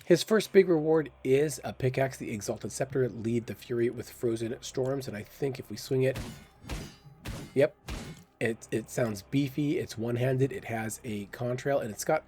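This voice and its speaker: A man's voice: medium pitch, normal speed, dark tone, slight background noise. A man hosting a gaming channel, giving casual, curious commentary and thinking aloud with exclamations. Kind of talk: casual game commentary voice-over.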